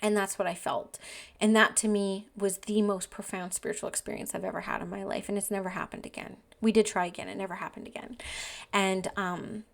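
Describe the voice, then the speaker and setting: A woman's voice: mid-range voice, flat delivery, brisk, gravelly. A woman hosting her own podcast, telling personal stories in an earnest, emotional, chatty way. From Canada. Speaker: podcast host and medium teacher. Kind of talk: casual storytelling podcast.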